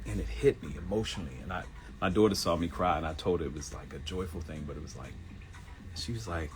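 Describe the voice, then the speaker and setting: A man in his thirties hosting a live motivational talk show, animated and laughing, who mimics people in high voices. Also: fast, faint music behind. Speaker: host.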